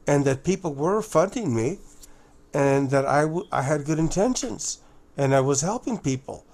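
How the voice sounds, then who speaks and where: A man speaking in a casual monologue to his viewers, halting and often restarting or repeating words, calling his listeners "guys". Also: mid-range voice, a little mellow. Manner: addresses listeners directly as guys. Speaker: video presenter.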